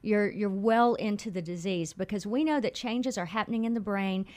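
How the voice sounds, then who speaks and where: A woman with a Mississippi accent, a nonprofit executive explaining things clearly as a radio guest. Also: mid-range voice, moderate pace, darkish tone. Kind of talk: radio interview.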